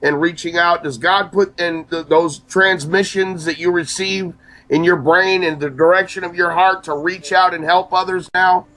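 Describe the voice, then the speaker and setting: This male host talks in a high, bright, tense voice. He chats casually and earnestly with his guest, calling him brother. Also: steady tone, moderate pace, low-quality recording. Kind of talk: casual chat.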